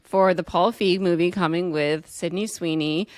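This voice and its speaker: Excitable woman podcast host, dry sound. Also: fairly low pitch, normal speed, no echo. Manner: excitable, swears and laughs often. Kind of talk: casual chat.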